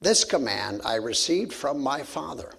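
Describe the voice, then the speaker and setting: A man's voice: medium pitch, sing-song, a little slow, creaky, fairly bright tone, slightly rough. A man giving a sermon, reading scripture and telling stories in a folksy way with frequent restarts and fillers. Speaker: pastor.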